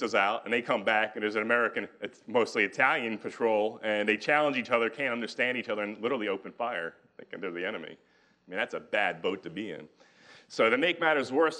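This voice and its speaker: A man's voice: mid-range voice, sharp tone. A man giving a military history lecture to a live audience, talking conversationally with joking asides and casual paraphrases of historical figures. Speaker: guest lecturer.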